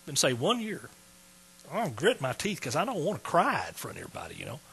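A man's voice: a little high, huge pitch swings, fast talker, gravelly, bright, forceful tone, slight background noise, poor audio. A man preaching a personal testimony in a folksy, emotional way, close to tears. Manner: folksy, emotional storytelling with fillers. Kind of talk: sermon testimony.

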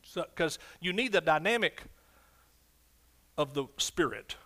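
A man preaching a fervent sermon as pastor, swinging from loud shouts to quiet, low asides. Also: expressive, a little slow.

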